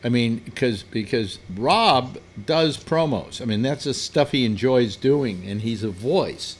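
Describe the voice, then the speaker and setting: A man's voice: measured pace, a little hiss or hum. Chatty man. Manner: rambling, self-interrupting, talks with animated pitch swings. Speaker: host. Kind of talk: casual radio chat.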